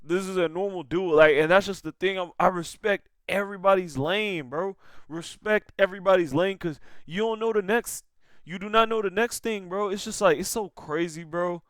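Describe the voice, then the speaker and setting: A man's voice: high-pitched, normal speed, a bit bright, clear, resonant tone, no echo. A young man giving casual, slangy reaction commentary on a clip, saying "bro" again and again.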